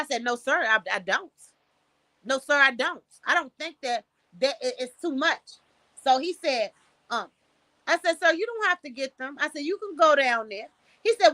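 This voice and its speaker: Blunt, bright-voiced woman streamer. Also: high-pitched, animated, moderate pace, no room sound. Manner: blunt, profane, preachy advice with storytelling. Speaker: livestream host. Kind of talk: casual livestream talk. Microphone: streaming setup, close mic.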